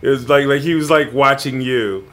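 A man's voice: medium pitch, moderate pace, a bit bright. A man in a casual chat, throwing in dry, sarcastic quips.

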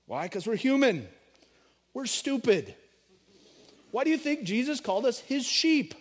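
A middle-aged man preaching a sermon, animated, swinging between loud emphasis and hushed storytelling. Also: very high voice, a little slow. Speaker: pastor.

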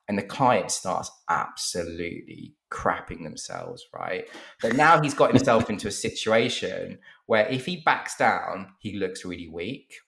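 A man's voice: lowish voice, sing-song, normal speed, gravelly, fairly bright tone, roomy sound, slight background noise. A man who works in advertising tells a work story in a casual podcast chat, acting out what other people said.

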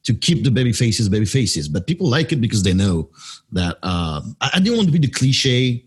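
A man's voice: fairly low pitch, big pitch swings, fairly quick, husky. A man from France with a French accent, a wrestling announcer and guest explaining at length and sometimes searching for words. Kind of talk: interview conversation.

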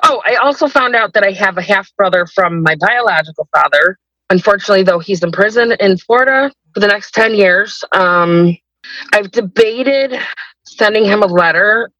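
A woman's voice: mid-range voice, expressive, normal speed, pushed and bright, no room sound, poor audio. A woman telling her personal story as a guest in a podcast interview, hesitant and rambling, with many restarts.

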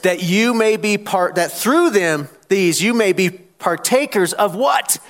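This pastor's high-pitched voice is expressive and unhurried as he preaches a sermon in church. He stresses scripture as he reads it and calls out questions to the congregation, climbing to loud challenges in call-and-response fashion.

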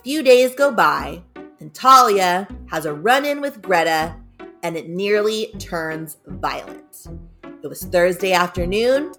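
A woman's voice: on the low side, animated, slow pace, a bit bright, faint music behind. A woman narrating a spooky story in a casual, conversational way, shifting tenses and leaning into the dramatic moments.

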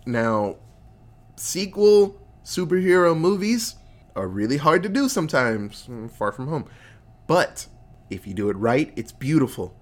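A man in his thirties chatting casually about movies, animated and profane, jumping into character voices. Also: a little slow. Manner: animated, profane, acts out characters with big pitch jumps. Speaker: podcast co-host. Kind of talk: casual movie review chat.

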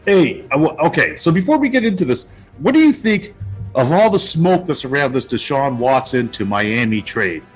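A man's voice: on the high side, big pitch swings, normal speed, husky, faint music behind, rough recording. A man co-hosting a casual sports podcast, teasing his partner and laughing often. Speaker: co-host.

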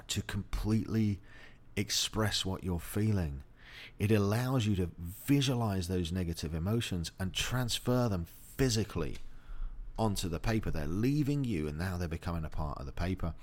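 A middle-aged man hosting a motivational monologue, blunt and profane, speaking openly about personal grief. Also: low voice. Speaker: host.

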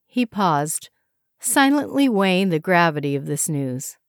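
A woman narrating a novel aloud in a measured, even way. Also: fairly low pitch, no echo, clean studio sound. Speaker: audiobook narrator. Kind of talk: scripted narration.

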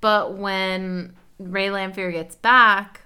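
A woman's voice: mid-range voice, fairly even intonation, very slow, sharp tone, clean tone. A young woman co-hosting a podcast, telling a story in a chatty, casual way and acting out quotes. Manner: chatty, lots of "like", acts out quotes. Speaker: podcast co-host.

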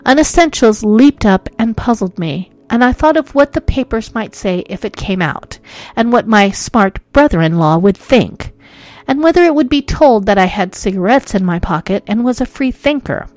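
A woman narrating a ghost story in an expressive reading, moving between hushed and urgent tones. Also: on the high side, moderate pace, dry recording.

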